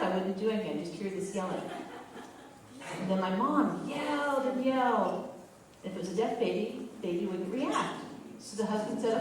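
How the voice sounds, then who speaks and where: A woman tells a funny story to a live audience, stretching words and jumping into high squeals. Her voice rises and falls a lot. It is recorded from far back in a booming, echoey hall with noise behind her. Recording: echoey hall, picked up from afar, noisy.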